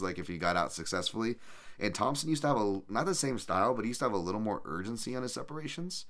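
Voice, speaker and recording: A man's voice: on the low side, fairly bright tone. A man hosting a podcast, chatting casually through live chat questions in a rambling, loose way with lots of fillers. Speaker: podcast host.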